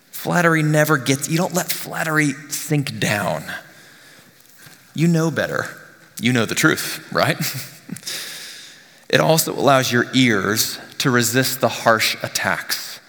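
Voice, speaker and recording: A male pastor giving a conversational sermon, often dropping to a hushed near-whisper on key lines. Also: medium pitch, animated, slow, long pauses, big-room sound. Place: church sanctuary.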